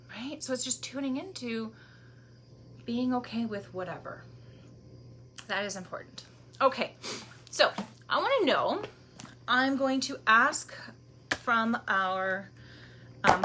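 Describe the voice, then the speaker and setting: A woman leads a spiritual card reading in a somewhat high voice, emotional and heartfelt, often sinking to a breathy near-whisper. A faint hiss sits behind her. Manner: emotional, breathy asides, laughs and near tears; soft, drops to near-whispers. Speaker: spiritual energy reader.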